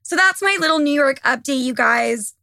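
Young woman podcast host, candid profane rant, slightly high and sharp, dry close mic. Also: very animated, unhurried, gravelly, no echo. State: slightly losing her voice. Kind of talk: casual monologue.

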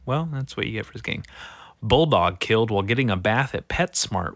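A man who is sick, reading news headlines aloud in a casual, foul-mouthed way, swinging from mumbling to shouting. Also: on the low side, expressive, normal speed, no echo, clean studio sound. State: sick, voice going rough. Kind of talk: casual profane commentary.

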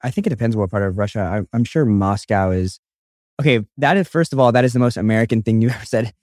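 A man's voice: fairly low pitch, fast, darkish tone, no echo, clean studio sound. Rambling, joking young man podcaster. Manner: rambling, joking, swears freely. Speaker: podcast co-host. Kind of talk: casual chat.

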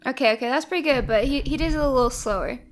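Casting: teasing female co-host, high voice, casual banter. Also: very fast. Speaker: podcast co-host. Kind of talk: casual chat.

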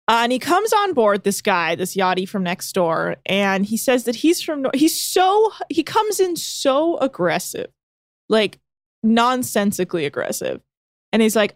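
A woman's voice: mid-range voice, very animated, normal speed, no room sound, studio quality. A woman co-hosting a casual podcast, recapping a reality show in a chatty, sarcastic way with plenty of filler words. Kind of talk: casual chat.

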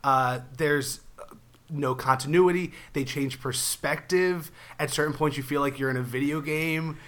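Bright-voiced rambling male comedian. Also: a little high, steady tone, a little slow. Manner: rambling, self-deprecating, laughs while talking. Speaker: podcast guest, comedian. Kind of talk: casual podcast chat.

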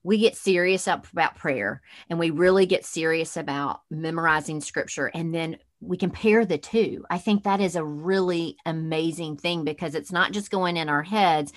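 A woman's voice: low-pitched, normal speed, few pauses. A woman hosting an interview, enthusiastic and affirming in a casual conversational way. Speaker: interview host.

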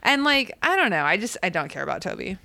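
Brief: woman co-host, animated delivery with a lively swinging pitch, dry close sound. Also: fast talker, vocal fry, no room sound. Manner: animated, swears, acts out characters' lines. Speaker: podcast co-host. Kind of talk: casual recap chat.

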